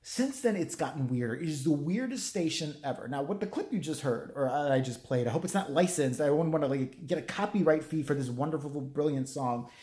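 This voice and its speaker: A man's voice: a little high, animated, brisk, few pauses, mellow. Male vlogger, crude sarcastic rambling storyteller, roomy echoey sound. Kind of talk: profane ranting storytelling. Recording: roomy echo.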